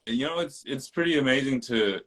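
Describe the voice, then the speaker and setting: A man's voice: medium pitch, fairly quick, a bit bright. A man hosting a podcast, speaking in a thoughtful, hesitant way and often repeating words while he searches for the next thought. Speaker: podcast host. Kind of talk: casual conversation.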